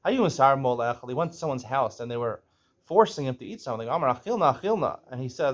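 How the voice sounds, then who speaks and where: A man's voice: mid-range voice, lively intonation, fast. Man explaining a Talmud page. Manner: reads Aramaic then explains in English, asks "right?" often; clears throat now and then. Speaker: Talmud teacher.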